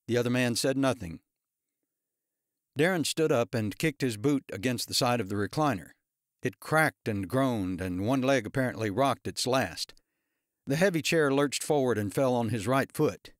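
Steady male audiobook narrator. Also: medium pitch, normal speed, no room sound, clean studio sound. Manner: steady storytelling. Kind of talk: scripted narration.

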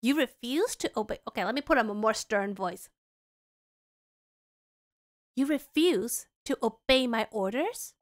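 A woman's voice: a little high, animated, measured pace, pauses often, voice pushed down. A woman voicing a pompous, scheming royal chancellor who speaks sternly.

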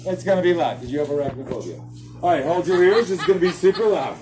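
A woman's voice: lowish voice, expressive, quick pace, over music. A woman performing as a clown at a children's birthday party, playful and teasing, laughing often as she jokes with the kids. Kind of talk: comic children's party act. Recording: loud crowd of children around. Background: shouting children.

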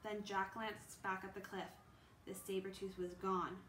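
A woman's voice: mid-range voice, flat delivery, unhurried, fairly bright tone. A woman reading a children's book aloud, unrehearsed, with small stumbles and restarts. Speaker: reader. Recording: echoey room, faint background noise.

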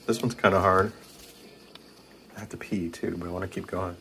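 A man who builds and sells spirit boxes. He talks in a casual, rambling way, with many restarts and excited laughs. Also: sits low, moderate pace, background noise. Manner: casual and rambling, often hesitant. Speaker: paranormal investigator and spirit box maker. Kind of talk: casual vlog with a spirit box session. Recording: music playing loud in the background.

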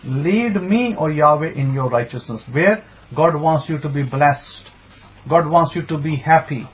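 A man's voice: fairly high pitch, measured pace. A man teaching a Bible sermon, emphatic, with rhetorical questions and repeated phrases, greeting online listeners as he goes. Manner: greets online listeners by name mid-talk. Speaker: religious teacher. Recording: dull lo-fi sound.

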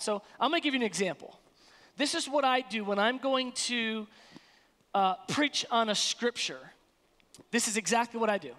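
Lively, emphatic woman preaching in reverb. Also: on the high side, moderate pace. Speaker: pastor. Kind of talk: sermon. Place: church sanctuary.

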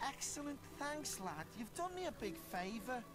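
A high, friendly voice of a chatty village trader. Game music sits under the lines. The trader talks in a breezy, chummy way. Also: female voice, very animated, normal speed. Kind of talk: video game voice acting.

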